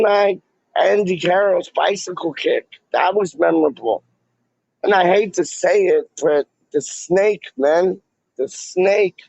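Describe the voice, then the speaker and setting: A man rambling through a casual livestream, his voice slightly high and full of gravel and fry. He drawls slowly, piling on slang and "like". The audio is dull and lo-fi. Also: darkish tone, no room sound. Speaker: fan vlogger reading live chat.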